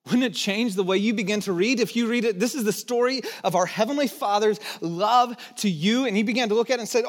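A man in his thirties preaching a sermon as pastor, animated and storytelling, often dropping to a soft low tone for emphasis. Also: quick pace, few pauses.

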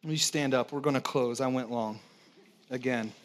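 A middle-aged man preaching a sermon, telling a personal story with lively acted-out exclamations and dropping low for solemn points. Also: moderate pace, a little hiss or hum. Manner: animated storytelling, acts out his own panic with sudden loud exclamations. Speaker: pastor.

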